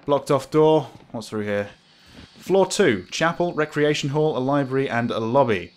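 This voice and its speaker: A man's voice: medium pitch, lively intonation, normal speed. A man commentating a horror game as he plays, jumpy, swearing, laughing nervously. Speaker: gamer playing a horror game. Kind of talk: let's play commentary.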